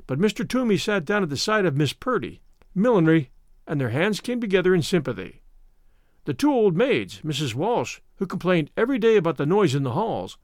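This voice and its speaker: A man reading a classic short story aloud with a wry, expressive storytelling manner. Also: high voice, no room sound, clean studio sound. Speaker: audiobook narrator. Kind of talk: scripted narration.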